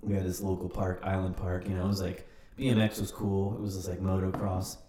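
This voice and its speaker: Man, low mellow voice, rambling animated storyteller, distant mic, echoey room, faint background hum. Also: fairly quick. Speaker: podcast participant. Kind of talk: casual chat.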